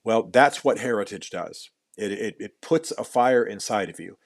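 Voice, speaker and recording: A man's voice: lowish voice, lively intonation, normal speed, creaky, no echo. A middle-aged man, an author being interviewed on a podcast, telling stories in an earnest way, often repeating words as he builds a point and adding dry jokes at his own expense.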